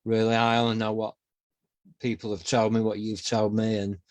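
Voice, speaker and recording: A man's voice: fairly low pitch, level tone, normal speed, crowd noise. A man, the interviewer, speaking in a hesitant, thoughtful way in a casual conversation. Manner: hesitant, many fillers and restarts. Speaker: interviewer, author and poet.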